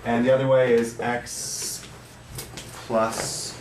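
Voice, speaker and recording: A man's voice: medium pitch, level tone, slow, background noise. A man teaching a math class, playful and upbeat, quizzing his students. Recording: echoey classroom, mic at a distance. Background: students answering.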